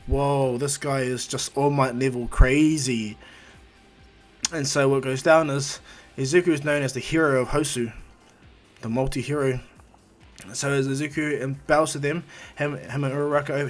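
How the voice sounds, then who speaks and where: Kiwi guy rambling through a fan story, keeps correcting himself. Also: medium pitch. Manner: rambling, self-correcting, acts out quotes. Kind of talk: improvised fan-story retelling.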